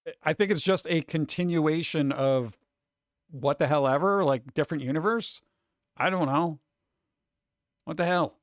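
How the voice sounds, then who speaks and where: A man's voice: on the high side, a little slow, pauses often, no echo, clean studio sound. A man hosting a casual stream, rambling through news with sarcastic, mocking asides. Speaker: streamer host. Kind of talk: casual chat.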